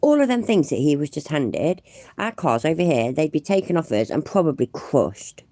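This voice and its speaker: A man's voice: on the high side, sing-song, normal speed, mellow, no echo, studio quality. A man doing sarcastic, exasperated reaction commentary over police footage.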